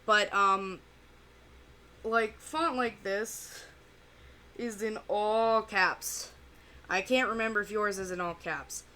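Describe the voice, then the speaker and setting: A woman giving casual, rambling reaction commentary full of fillers and pauses. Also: medium pitch, fairly even intonation, sharp tone, slight background noise. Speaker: reaction video host.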